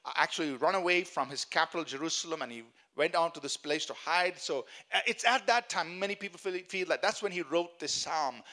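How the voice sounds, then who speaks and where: A man's voice: high-pitched, pushed and bright. A man preaching a sermon as pastor, earnest and emphatic, repeating key phrases and chuckling at his own jokes.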